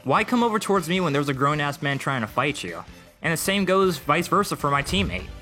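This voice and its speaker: A young man giving deadpan, mocking commentary over gameplay clips. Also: a little high, brisk. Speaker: gaming video creator. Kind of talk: sarcastic gaming commentary. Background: faint music.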